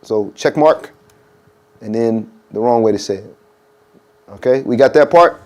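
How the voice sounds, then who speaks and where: A man's voice: mid-range voice, unhurried, darkish tone. A man teaching a workshop in a mosque room. He talks casually, checks in often with "okay?" and says pronunciations aloud to show them. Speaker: adhan workshop instructor.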